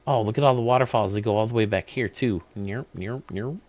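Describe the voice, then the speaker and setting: A man's voice: fairly low pitch, fast talker, darkish tone. A man hosting a video game channel, giving casual, enthusiastic commentary that rambles as he thinks aloud.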